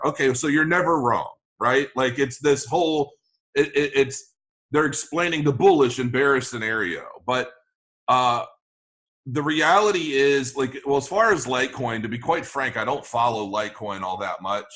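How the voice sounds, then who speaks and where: A man with a bright, forceful voice, giving a loose and rambling answer as an interview guest. He restarts his sentences often and leans on fillers while he works through his point. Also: mid-range voice, moderate pace. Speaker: crypto channel guest. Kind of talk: conversational interview.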